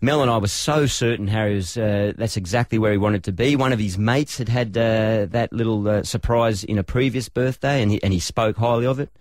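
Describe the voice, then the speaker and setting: An Australian man co-hosting a radio show, telling a family story in relaxed chat with many fillers. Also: lowish voice, a little fast, few pauses, no echo, clean studio sound. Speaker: radio co-host. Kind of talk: casual radio banter.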